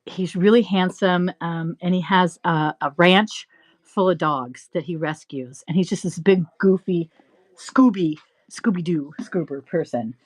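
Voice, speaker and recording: A middle-aged woman hosting a live resale stream, rambling through animated stories and laughing often. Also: lowish voice, measured pace. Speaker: live-stream reseller host. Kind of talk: chatty live-selling stream.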